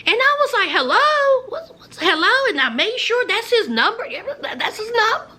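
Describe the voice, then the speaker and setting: A woman's voice: very high voice, very animated, fairly quick, pushed and bright. A woman, telling a personal story in a vlog, dramatic and speaking straight to her viewers as friends, sometimes dropping to a whisper. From rural Virginia. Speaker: vlogger.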